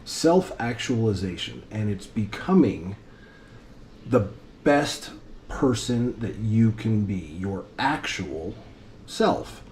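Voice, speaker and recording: Slow, low-voiced earnest father. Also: lively intonation, darkish tone, slight background noise. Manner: earnest, reflective, loosely rambling. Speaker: airline pilot and father. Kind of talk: heartfelt vlog monologue to his daughters.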